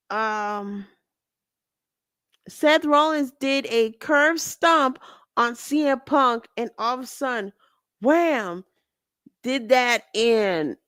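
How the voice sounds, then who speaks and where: A woman's voice: a little high, clear, resonant tone, no room sound, studio quality. A woman hosting her own show, chatting through a wrestling recap in a rambling way, often correcting herself. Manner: rambling, self-correcting, animated. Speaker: show host.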